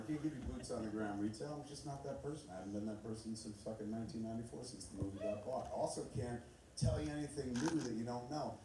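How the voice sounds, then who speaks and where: A man's voice: medium pitch, expressive, fast talker. A middle-aged man telling loose, profane stories to a live audience, laughing as he goes. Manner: loose, rambling, swears constantly, laughs often. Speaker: filmmaker speaking on stage. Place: large theater. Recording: echoey hall from far off with noise.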